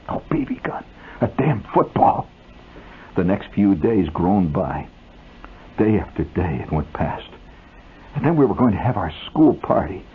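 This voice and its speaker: A man's voice: lowish voice, slightly rough. A man reading his own story aloud on the radio in a wry, vivid, mock-dramatic style, on a tinny old aircheck.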